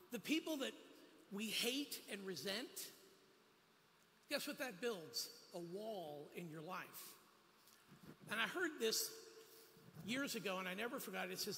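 A high, bright male voice delivers a sermon, weaving personal stories and quick humorous asides. The sound carries the long reverb of a church sanctuary, with faint noise underneath. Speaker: guest preacher.

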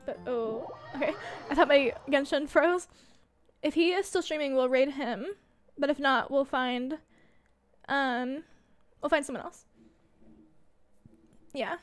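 Speaking slowly and leaving long pauses, this young woman has a high voice as she plays a game on a casual livestream, chatting to herself and cursing when she loses. She uses a desk mic and wears headphones.

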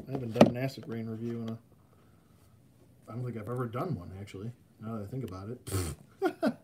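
A man's voice: on the low side, a little mellow, slight background noise. A man casually chatting on a live stream about custom action figures, rambling with plenty of fillers. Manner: rambling, filler-heavy, easygoing.

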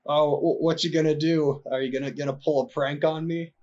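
A man's voice: a little high, steady tone, a little fast, darkish tone, muffled recording, pitched above the performer's own voice, natural voice. A man doing a stammering drunk ninja bully. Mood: mocking. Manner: stammering, sneering taunts. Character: drunk mocking male ninja officer, young adult.

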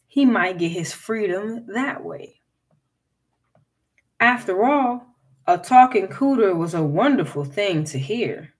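A woman reading a folktale aloud in a measured, expressive storytelling manner. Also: lowish voice.

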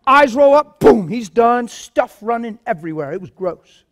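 A man preaching a sermon and telling stories, swinging from low murmurs to loud shouts. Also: animated, normal speed, hardly any pauses. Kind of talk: sermon with testimonies.

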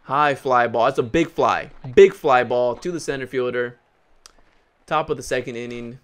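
A young man giving loud, jokey live commentary on his own video game play, trash-talking the players and repeating words in excited bursts. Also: mid-range voice, moderate pace, clear, resonant tone. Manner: hyped, jokey, trash-talks the game characters. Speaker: gaming YouTuber.

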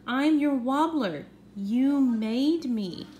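A woman's voice: high-pitched, animated, extremely slow, warm tone, a little hiss or hum, voice pushed up, exaggerated voice. A woman voicing a cheerful, gloopy mood creature in a storybook read-aloud, speaking in a chirpy, bouncy way.

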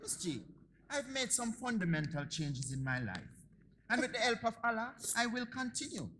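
A man's voice: very high-pitched, big pitch swings, moderate pace, sharp tone, slight background noise, full character voice. An actor playing an earnest young man and reformed convert, who speaks in a solemn, formal way. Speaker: actor in a comedy stage play.

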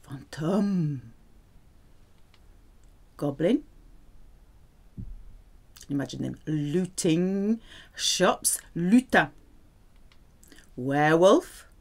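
A woman's voice: low voice, animated, drawn-out words, long pauses. A woman teaching French vocabulary, speaking patiently and repeating words with careful pronunciation. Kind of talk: vocabulary lesson.

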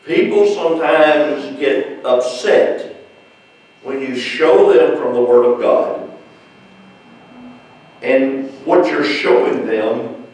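A man preaching at a Bible study, telling stories slowly and acting out what people said. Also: mid-range voice, a little mellow. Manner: slow storytelling with acted-out quotes. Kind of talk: church Bible study teaching. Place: church sanctuary. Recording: echoey church from far off.

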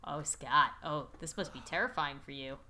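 A woman's voice: deep voice, normal speed, sharp tone. A woman hosting a let's play video, talking through her game and shrieking at it when things go wrong. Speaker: gaming YouTuber host.

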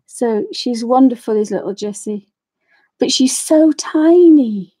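A middle-aged woman takes it slowly, her slightly high, dark-toned voice a bit rough yet lively in intonation. Hosting a craft tutorial, she chats and demonstrates colouring, rambling into ranting asides and often apologising for the tangents.

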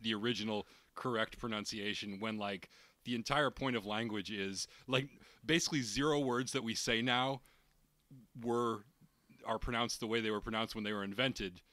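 A man's voice: on the low side, normal speed, sharp tone, no room sound. A man from New England co-hosting a podcast, rambling in casual chat and chuckling often. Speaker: podcast co-host.

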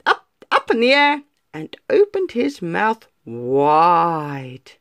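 A woman reading a children's story aloud in an expressive, lively way. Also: mid-range voice, slow pace, dry recording.

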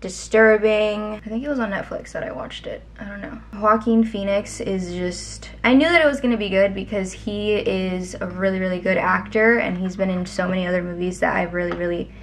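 A woman's voice: mid-range voice, steady tone, brisk, few pauses. Young woman, vlogger, chatty, rambling, casual storytelling. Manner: chatty, rambling, lots of fillers. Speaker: lifestyle vlogger.

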